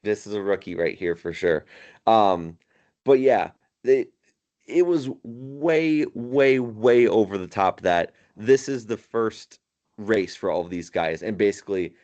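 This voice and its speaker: Low-voiced man in a laughing podcast chat. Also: animated, a little slow, a little mellow, highs cut off. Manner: laughs often while retelling funny moments; rambling, many fillers and restarts. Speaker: podcast co-host. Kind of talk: casual chat.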